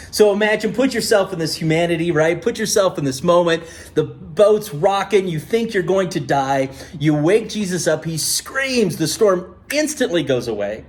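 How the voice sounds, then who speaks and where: A male pastor preaching a sermon with animated, conversational storytelling. His voice sits a touch higher than most men's. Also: moderate pace, hardly any pauses.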